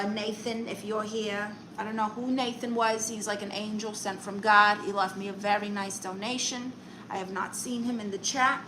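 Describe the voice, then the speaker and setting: A woman's voice: mid-range voice, pushed and bright, slight background noise, low-quality recording. A woman hosting a comedic live stream, chatting with viewers and reading their comments aloud in a playful, mock-serious way. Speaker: comedic livestream host.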